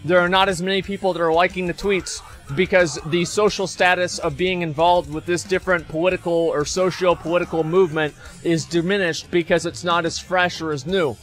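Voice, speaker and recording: High-pitched man on a sarcastic rant. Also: fairly even intonation, brisk, fairly bright tone, faint music behind. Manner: sarcastic, mocks people in put-on voices; profane, rambling with restarts. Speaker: streamer. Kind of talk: ranting commentary.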